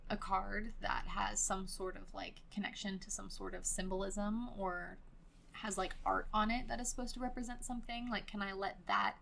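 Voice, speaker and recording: A woman's voice: medium pitch, steady tone, normal speed, vocal fry, fairly bright tone, a little hiss or hum. A woman with a Californian Valley girl accent hosting a casual solo podcast, chatty and loose, filling her talk with "like" and casual swearing. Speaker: podcast host.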